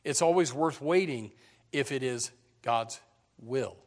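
A man's voice: medium pitch, takes it slowly. A middle-aged male pastor preaching a sermon in a folksy manner, repeating words and joking with his congregation.

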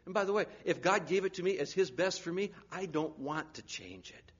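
A man preaching a sermon, swinging from loud urgent pleading down to hushed, near-whispered lines. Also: sits high, fairly quick, breathy edge, highs cut off.

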